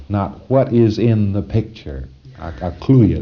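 A man with a lowish voice lectures to a room of trainees in a folksy, wry way, often breaking into chuckles and acting out short exchanges. The recording is a dull, muffled old tape. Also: expressive, normal speed, husky.

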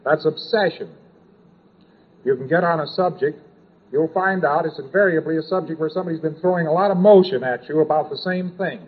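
A man's voice: on the high side, a little fast, husky. A man giving an informal lecture, rambling and repetitive, dropping in sound effects and asides. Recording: tinny old lecture tape.

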